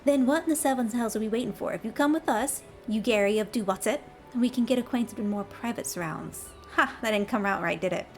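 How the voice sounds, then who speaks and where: A woman voicing a brash, rough-talking male pirate guild boss with a put-on American Southern accent, reading game dialogue aloud. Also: on the high side, a little fast, soft background music, natural voice. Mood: gruff teasing. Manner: gruff, bawdy, teasing.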